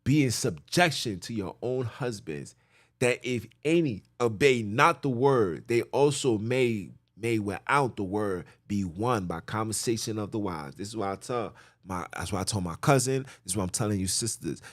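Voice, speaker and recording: A man's voice: on the low side, lively intonation, moderate pace, no echo. Emphatic man preaching from scripture. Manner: emphatic, repetitive, blunt and informal. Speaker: podcast host teaching scripture. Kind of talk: preaching, reading and explaining scripture.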